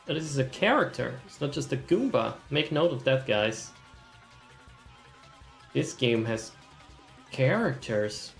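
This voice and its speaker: A man's voice: mid-range voice, lively intonation, a little slow, vocal fry, soft background music. A young man streaming a game, reading its dialogue aloud in voices and adding wry, sardonic commentary.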